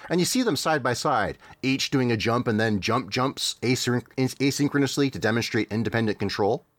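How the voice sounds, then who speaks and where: A man's voice: mid-range voice, no echo. A man co-hosting a podcast in casual chat, describing a video clip in a wry, chuckling way with frequent fillers. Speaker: podcast co-host.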